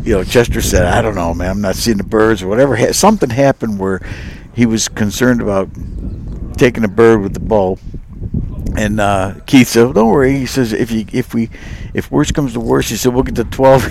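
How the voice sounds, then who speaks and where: A man's voice: fairly low pitch, normal speed, gravelly, slight background noise. A man telling a hunting story as a podcast guest, acting out the dialogue and laughing often. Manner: lively, laughing storyteller who acts out both sides of dialogue. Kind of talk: animated storytelling.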